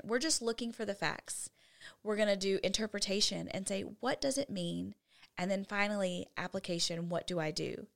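A woman co-hosting a casual faith podcast, earnestly teaching Bible study steps one at a time. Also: medium pitch. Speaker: podcast co-host.

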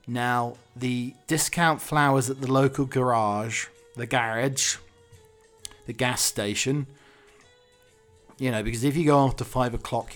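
A man's voice: mid-range voice, a bit bright. A man hosting a podcast alone, rambling cheekily in a casual monologue with wry asides. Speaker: podcast host.

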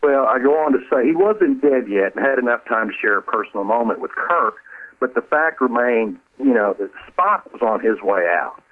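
A man, an author who trained as a counselor, speaking earnestly and haltingly in a radio interview, often repeating words. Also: mid-range voice, lively intonation. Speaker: author and former counselor, guest. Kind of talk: radio interview over the phone. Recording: tinny phone line.

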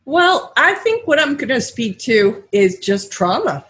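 Woman, podcast co-host, high pitch, breathy, candid. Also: sing-song, measured pace, a bit bright. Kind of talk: conversational podcast interview.

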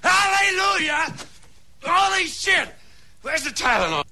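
A man's voice: extremely high pitch, very animated, measured pace, pushed and bright, exaggerated voice. An actor playing a furious middle-aged man hurling a long string of insults at his boss in a film scene. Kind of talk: film dialogue.

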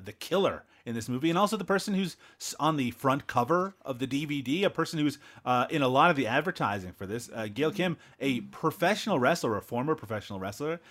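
A man's voice: a little high, sharp tone. A Canadian man hosting a casual movie review podcast, teasing his co-hosts and laughing often. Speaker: podcast host.

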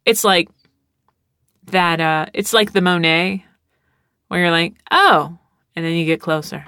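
A woman's voice: on the low side, steady tone, a little slow, fairly bright tone, clean tone, dry recording, studio quality. A young adult woman hosting a podcast, talking casually in a rambling, sarcastic way with lots of fillers. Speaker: podcast host. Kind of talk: casual solo podcast talk.

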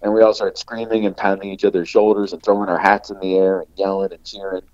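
A man who is an actor appears as a podcast guest, telling a long anecdote in a casual, animated way stuffed with "like" fillers. He has a low voice and talks fast, and the recording is dull, lo-fi, and dry.

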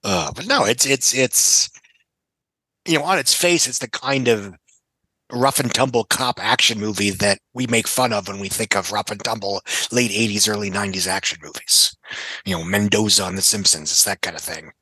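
Man, podcast guest, sarcastic, bright, husky. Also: fairly low pitch, moderate pace, no echo, rough recording. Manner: sarcastic, wisecracking. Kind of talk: casual film podcast chat.

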